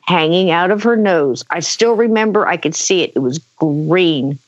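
Woman, conversational storyteller, animated, acts out quotes, dull dry lo-fi sound. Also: on the low side, normal speed, no room sound. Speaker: guest telling a personal story.

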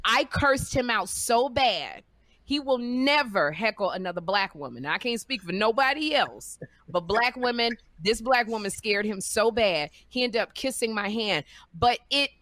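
A woman comedian who co-hosts a podcast and tells stories in an animated way, acting out the people she quotes. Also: fairly high pitch, dry recording. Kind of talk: animated storytelling.

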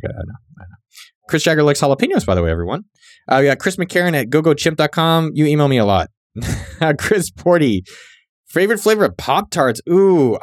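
A young man hosting a podcast, reading out listener names and riffing with quick jokes. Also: mid-range voice, no echo, clean studio sound. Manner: joking, riffing, quick asides. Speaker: podcast host. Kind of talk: reading listener shout-outs.

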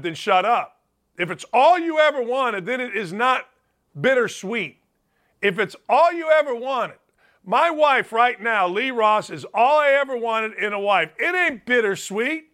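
In an animated sports talk monologue, a host in his fifties tells stories emphatically, repeating phrases for effect. His high-pitched voice sounds pushed and bright.

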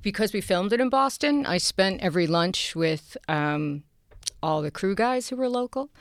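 A woman's voice: medium pitch, animated, moderate pace, no echo. A middle-aged woman from Queens with a New York accent, chatting as a guest in a studio interview, laughing often and restarting her sentences. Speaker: guest actress. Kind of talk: casual interview chat. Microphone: studio mic.

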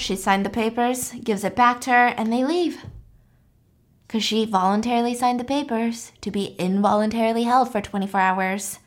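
A woman's voice: mid-range voice, steady tone, normal speed. A young woman casually retelling a story for a podcast, chatty and full of "like", acting out the quotes as she goes. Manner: chatty, lots of "like", acts out quotes.

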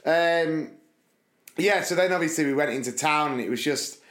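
A man co-hosting a podcast, telling a story in lively casual chat and mimicking his friends' voices. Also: on the high side, normal speed, echoey room. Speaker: podcast co-host.

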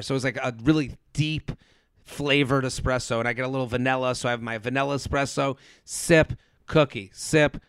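A man's voice: medium pitch, a bit bright, clear, resonant tone, no echo, studio quality. A man co-hosting a casual chat, telling stories animatedly, acting out quotes and swearing. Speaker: podcast co-host.

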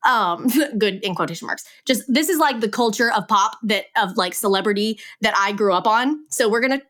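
A young woman co-hosting a casual podcast chat, sarcastic and quick to joke. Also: medium pitch, animated, fairly bright tone. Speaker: podcast co-host.

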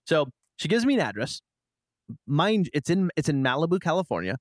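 A man's voice: on the high side, brisk, no echo. Chatty man telling a story, dry mic. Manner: chatty, animated retelling with quoted asides. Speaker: podcast guest. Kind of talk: casual storytelling.

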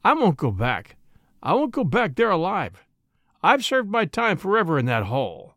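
A man reading the part of a bitter, hopeless ex-convict burglar, speaking hoarsely, fiercely and doggedly. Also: high voice, wildly swooping pitch, normal speed, a bit bright, dry recording, clean studio sound, full character voice. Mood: desperate.

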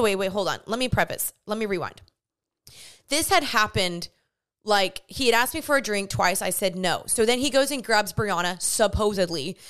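A young woman hosting a podcast, telling a personal story casually and acting out the dialogue with lively energy. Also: mid-range voice, clear, resonant tone. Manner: animated, acts out quoted dialogue. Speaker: podcast host.

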